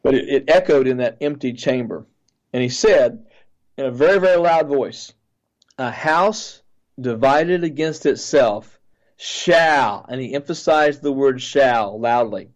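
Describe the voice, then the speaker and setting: A male pastor earnestly recounts a dream at a middling pitch, often stopping and restarting his sentences. The audio is slightly muffled and dull. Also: a little mellow. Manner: earnest, halting, with frequent restarts.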